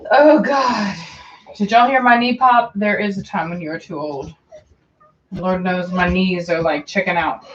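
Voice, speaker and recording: A woman's voice: medium pitch, takes it slowly, pauses often. A middle-aged woman talking casually to her dogs and soothing newborn puppies in baby talk. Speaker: dog breeder filming a puppy watch. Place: home room with dogs. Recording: dull distant home recording.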